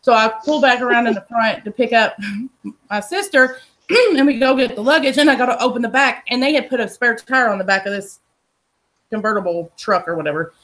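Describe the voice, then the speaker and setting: A woman spins a story in a slightly high voice. She is blunt and profane, with lively, animated delivery that never softens the edges. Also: fairly quick. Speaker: podcast host telling a story. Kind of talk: casual storytelling.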